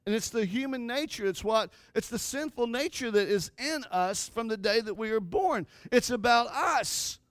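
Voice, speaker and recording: High-voiced man preaching with passion. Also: expressive, moderate pace, few pauses, smooth, no room sound. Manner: impassioned preaching, rising and falling emphasis. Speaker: pastor. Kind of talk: sermon.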